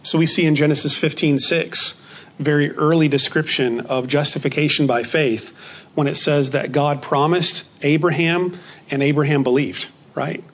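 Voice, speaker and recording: A man's voice: a little high, fairly even intonation, fairly bright tone. Man teaching a Bible study lesson. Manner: measured, repeats key phrases for emphasis.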